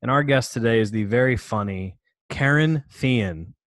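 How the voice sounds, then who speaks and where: A man's voice: mid-range voice, normal speed, fairly bright tone, no echo, studio quality. A man hosting a podcast, firing off playful one-liners in a casual chat. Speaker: podcast host. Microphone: video call.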